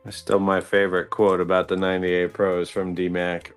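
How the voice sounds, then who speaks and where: A man's voice: deep voice, little pitch movement, moderate pace, faint music behind. A man chatting casually on a live stream in a laid-back way, with casual swearing. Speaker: hobby lockpicker on a live stream. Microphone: remote guest link.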